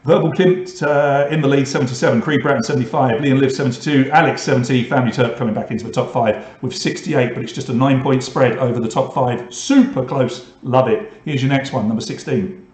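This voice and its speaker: British male quiz host, mid-pitched, easygoing and chatty, runs through questions and standings with offhand jokes; roomy echo on the mic. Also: fairly quick, darkish tone. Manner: chatty, reads questions and scores with asides. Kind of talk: online pub quiz hosting.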